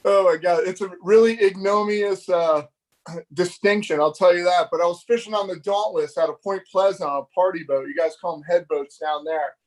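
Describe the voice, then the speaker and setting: A middle-aged man, a fishing magazine editor, telling stories on a live show in a lively, laughing way and acting out the dialogue. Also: high voice, brisk. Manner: animated, laughing, acts out dialogue. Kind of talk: casual storytelling on a live show.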